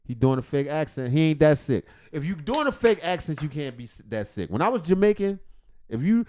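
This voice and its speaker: A livestream host reacts to videos with jokey, profane commentary that wanders all over, his volume swinging loudly. His voice is a little high and brisk, with big swings in pitch.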